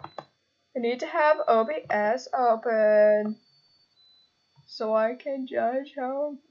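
A high-voiced woman talks very slowly through a casual live stream, giggling and goofing around as she drags out a silly catchphrase. The audio is dull and lo-fi. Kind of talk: casual livestream chat.

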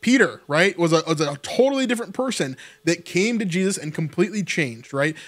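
A man's voice: high-pitched, lively intonation, fairly quick. A man hosting his own channel, commenting casually on an interview clip, talking loosely with lots of fillers and repeated words. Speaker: channel host.

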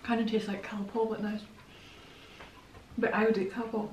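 A young woman with a Northern Irish accent, chatting casually and excitably while tasting snacks at home. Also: on the high side, normal speed, lo-fi sound, slight background noise. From Northern Ireland. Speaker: vlogger. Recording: echoey room, mic at a distance.

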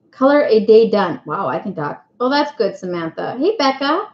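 A woman's voice: mid-range voice, big pitch swings, fairly quick, few pauses, darkish tone. A woman hosting a casual live stream, chatting and greeting viewers one by one by name. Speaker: livestream host. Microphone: webcam mic. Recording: echoey room, dull lo-fi sound.

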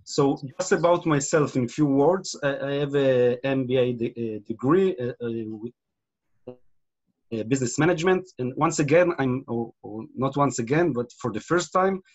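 A man's voice: mid-range voice, moderate pace. A man from Israel with an Israeli accent, giving a webinar presentation with many fillers and restarts, speaking over a computer mic on a video call. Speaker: guest presenter.

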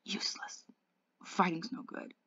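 A woman voicing a weak, gentle teenage boy near death, speaking faintly in a whisper. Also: a little slow, no room sound, lightly acted. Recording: dull lo-fi dry audio.

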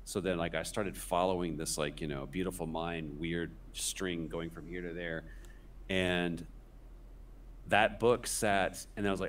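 A man's voice: deep voice, steady tone, a little slow, a bit bright, recorded from a distance, a little hiss or hum. A man in his forties, a podcast guest, telling a rambling, self-deprecating story in casual conversation.

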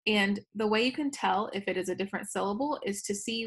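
A woman's voice: medium pitch, a little fast, hardly any pauses. Chatty woman teacher recording a lesson. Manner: chatty, self-correcting, laughs at own slips.

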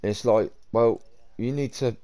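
A man's voice: mid-range voice, normal speed, dark tone. A man giving casual, slangy gameplay commentary, chatty and blunt. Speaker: gamer streamer.

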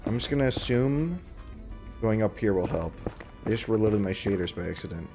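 A man's voice: on the low side, animated, normal speed, soft background music. A man livestreaming a game in casual chatter, joking around, reading chat aloud and breaking into sudden squeals and yelps.

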